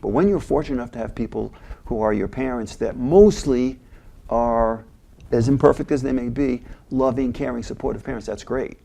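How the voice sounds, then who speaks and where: A mid-range male voice with vocal fry, at normal speed, belongs to an older interview guest who used to run a mental health agency. He recounts stories lively, doing voices as he replays scenes.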